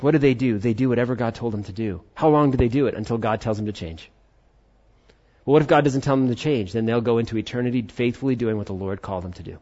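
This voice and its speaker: A man preaching a sermon as pastor, earnest and animated, rising to emphasis on key points. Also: medium pitch. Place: church service. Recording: muffled lo-fi sound.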